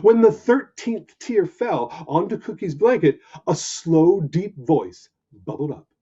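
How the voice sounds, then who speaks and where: Brief: husky, mellow male storyteller, slow and very animated, lo-fi recording. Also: high-pitched. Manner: animated, expressive narration. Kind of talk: children's story reading. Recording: dull lo-fi recording.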